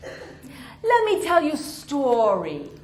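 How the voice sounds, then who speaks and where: A woman voicing a cheerful, kindly male Vietnamese cab driver who speaks slow, gentle, broken English with a Vietnamese accent. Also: extremely high pitch, wildly swooping pitch, reverberant, pitched above the performer's own voice, heavily acted.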